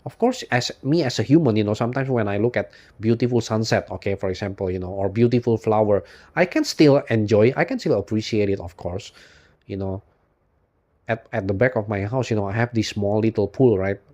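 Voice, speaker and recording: A man talking in an unscripted monologue for his channel, rambling and weary, filling every pause with "you know" and swearing often. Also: lowish voice, darkish tone. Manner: weary, despondent and emotional. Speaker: YouTube channel host.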